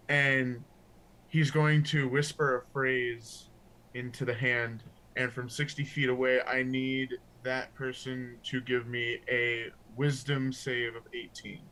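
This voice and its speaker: A man's voice: mid-range voice, sharp tone. A man playing a tabletop role-playing game, chatty, with casual swearing and frequent restarts. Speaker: player.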